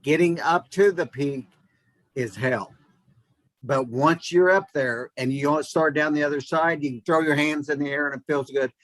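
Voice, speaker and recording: A man's voice: on the high side, normal speed, fairly bright tone, no room sound, rough recording. A man hosting an interview, talking in a conversational and encouraging way. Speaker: host. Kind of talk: casual interview.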